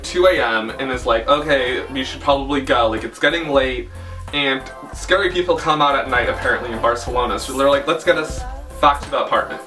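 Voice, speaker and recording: A man's voice: on the high side, sharp tone, far from the mic. A young man telling a dramatic storytime in a chatty way, full of filler words. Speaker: vlogger. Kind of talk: casual storytime.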